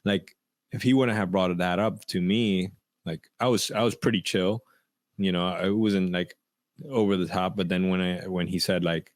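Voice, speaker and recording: A low-pitched man chats on a podcast, reflective and easygoing, breaking into laughs and starting sentences over. His voice is close on the mic and dry, with no room sound around it. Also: fairly even intonation, normal speed, no room sound. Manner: reflective, laughs often, many restarts. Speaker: podcast co-host. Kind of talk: casual podcast chat.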